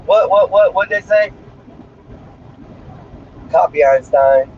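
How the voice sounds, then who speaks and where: Sitting high in pitch with a darkish tone, this man speaks slowly as he chats on a livestream from behind the wheel. He's brash, crude and rambling, and the phone recording in the moving car is muffled, with faint road noise.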